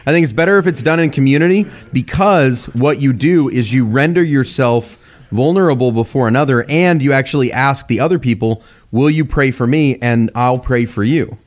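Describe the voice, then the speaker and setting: A man co-hosting a podcast in casual chat, talking in an animated, emphatic way and often repeating himself. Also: mid-range voice, normal speed. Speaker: podcast co-host.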